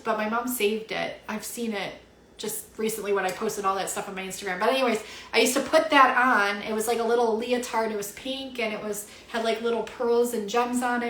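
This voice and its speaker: A young woman, a spiritual reader, chatting casually at home on a livestream, animated and swearing freely with lots of fillers. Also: fairly high pitch. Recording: roomy echo.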